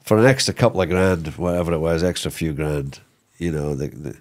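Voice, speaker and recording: A middle-aged man, a former footballer, telling stories in a casual interview, rambling and animated with many restarts. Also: rumbling low, a little fast. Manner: animated, rambling, lots of repeated starts and "you know what I mean".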